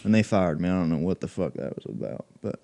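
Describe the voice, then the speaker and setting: In a comedy sketch, a man with a low-pitched, animated voice plays a crude, bigoted redneck, speaking quickly as he taunts and rants loudly with constant profanity.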